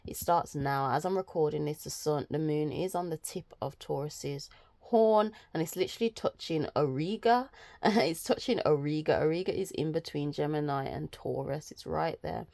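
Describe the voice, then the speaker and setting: A woman talks through a weekly tarot and astrology update in a loose, chatty way, full of "um" and "like". Her voice sits low for a woman. The sound is dry and close, with little room around it. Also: moderate pace, gravelly, darkish tone, no room sound. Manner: chatty, rambling, filler-heavy. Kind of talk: casual weekly energy update.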